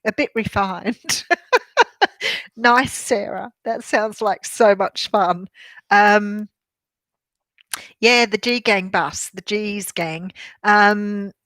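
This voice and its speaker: An older Australian woman, a tarot reader, chats casually on a live stream and answers viewer comments in a bubbly way, laughing often and saying "um" a lot. Her voice is medium-pitched and a bit bright, recorded in clean studio sound with no room echo.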